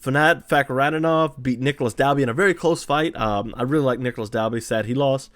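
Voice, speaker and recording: A man's voice: medium pitch, fast talker, fairly bright tone, no echo. A Cajun man from Louisiana recapping fights casually as host, rambling with frequent restarts and fillers. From Louisiana, USA. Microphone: desk camera mic.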